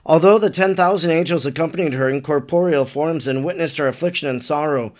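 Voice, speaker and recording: A man, a priest, reading an old devotional text aloud in a measured, reverent way. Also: a little high.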